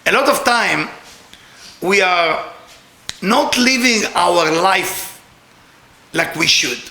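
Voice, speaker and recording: Lively, bright-voiced middle-aged male teacher. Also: sits high, takes it slowly, gravelly, echoey room. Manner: animated, laughing, repeats words. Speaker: Kabbalah teacher. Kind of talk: storytelling class talk.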